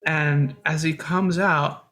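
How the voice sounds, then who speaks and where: A woman's voice: deep voice, fairly even intonation, slow pace, a bit bright. A woman casually telling a story with a friend, laid-back and drawn out. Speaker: storyteller guest, band member.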